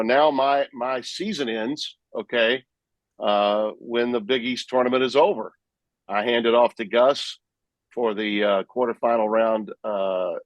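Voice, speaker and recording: A man, a sports broadcaster, telling lively stories about calling games in a podcast interview. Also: fairly low pitch, no room sound, dull audio. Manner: animated, vivid storyteller who acts out his own play calls. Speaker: sportscaster guest.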